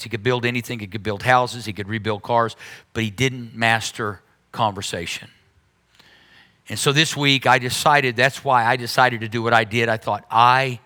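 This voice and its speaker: Middle-aged guy preaching, bright sharp tone, swings from hushed to loud high bits. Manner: animated preaching, jumps high for mocking quotes. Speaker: pastor. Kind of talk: sermon.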